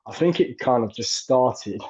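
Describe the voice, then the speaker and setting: A man's voice: medium pitch, animated, unhurried, dark tone, breathy edge. A man in his thirties, a guest in a casual interview, talking hesitantly with many fillers and restarts. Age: 30s. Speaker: actor and filmmaker guest. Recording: dull lo-fi audio.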